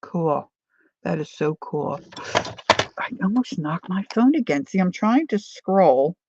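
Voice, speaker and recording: Chatty woman with a gravelly voice. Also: fairly low pitch, lively intonation, slow, highs cut off, noisy background. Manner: chatty, reads viewer comments aloud. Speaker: craft vlogger. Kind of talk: casual crafting chat.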